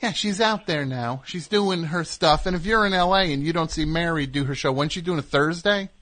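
A man's voice: a little high, fairly quick, a bit bright. A man hosting a call-in radio show, talking in a sardonic, rambling, mock-indignant way. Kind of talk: casual call-in radio talk.

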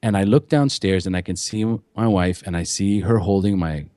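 Cast: man, podcast guest, lowish voice, earnest confessional storytelling, dry close mic. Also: moderate pace, dark tone, dry recording. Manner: emotional, earnest storytelling with profanity. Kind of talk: candid recovery story.

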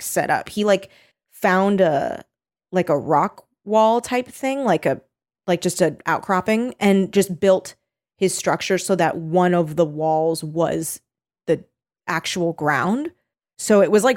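A woman in casual conversation, retelling a story with lots of fillers and acting out quotes in high voices. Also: a little mellow. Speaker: co-host recounting a reality show. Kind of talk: casual chat.

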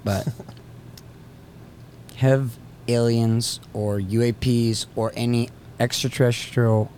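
A man's voice: medium pitch, darkish tone, slight background noise. A man co-hosting a podcast who asks his questions in a hesitant, polite way. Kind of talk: casual interview questions.

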